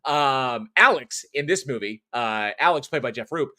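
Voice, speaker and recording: A man co-hosting a horror show, rambling through a film review with plenty of swearing and false starts. His voice is bright and forward, sitting at an ordinary middle pitch. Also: expressive, normal speed. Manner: rambling, profane, frequent restarts and fillers. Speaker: podcast co-host. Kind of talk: casual film review chat.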